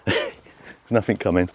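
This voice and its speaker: An excitable man with a fairly low voice narrates to himself while testing a remote-control car outdoors. His talk is chatty and self-directed, spoken beside a road with a faint hiss of outdoor noise behind him. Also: slow. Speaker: RC car vlogger.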